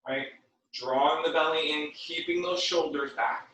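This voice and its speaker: A man leading a guided workout class, giving calm breath cues with chatty, joking asides. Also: on the high side, measured pace, a little hiss or hum. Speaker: fitness and yoga instructor. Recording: very echoey room, mic at a distance.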